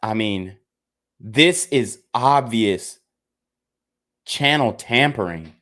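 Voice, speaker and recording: Young male vlogger, fed-up and emphatic, mid-pitched voice, repeats points and curses. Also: expressive, drawn-out words, a bit bright. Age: young adult. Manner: frustrated, emphatic, repeats himself, swears. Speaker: content creator. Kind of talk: casual rant to camera.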